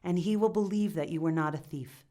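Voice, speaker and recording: Woman doing an older holy man, gentle, firm, slow and solemn. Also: on the low side, pitched below the performer's own voice, close to an everyday voice. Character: holy old male rabbi, gentle and firm.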